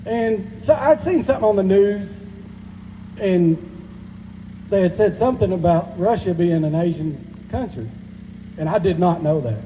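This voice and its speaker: This forties-aged stand-up with a rural Georgia Southern drawl has a high, dark-toned voice and an animated but somewhat slow delivery marked by long pauses. His crude, self-mocking set takes place on stage at a live benefit, recorded in a reverberant hall with slight background noise.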